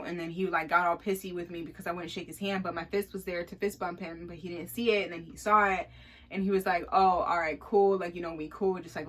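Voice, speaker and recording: A young woman casually telling a story, animated, acting out what people said, with lots of fillers. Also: fairly low pitch. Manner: animated, acts out quotes, many fillers.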